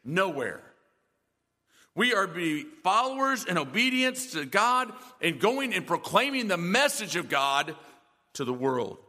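A man's voice: high voice, very animated, measured pace, sharp tone, in a large hall. A male pastor preaching a sermon in a church, emphatic and full of rhetorical questions.

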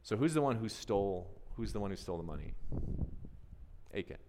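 A man preaching a conversational sermon, animated and always asking his listeners questions. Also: on the low side, fairly quick, background noise. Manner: animated, asks the audience questions, often adds "right?". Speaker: pastor. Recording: long reverb of a large hall.

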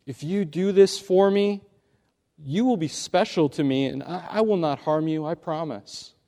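A man voicing a persuasive male rattlesnake in a story, speaking softly and coaxingly. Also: a little high, a little slow.

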